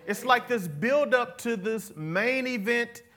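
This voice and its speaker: A man preaches a sermon in a very high-pitched, expressive voice, moving at a slow pace with a bright, forceful tone. He talks casually, using slang, and has the congregation repeat words back to him in call-and-response.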